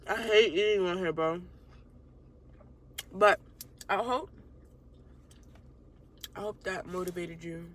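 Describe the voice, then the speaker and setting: A woman's voice: lowish voice, slow pace, pauses often, a bit bright, a little hiss or hum. A young woman vlogging casually to camera, slangy and rambling, tearful after crying for a long time. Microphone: phone camera.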